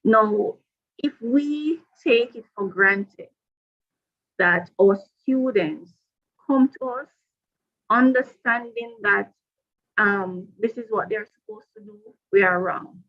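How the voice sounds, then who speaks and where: A woman with a medium-pitched voice presents a professional development workshop for teachers, speaking deliberately and repeating her key points. The highs in the recording are cut off.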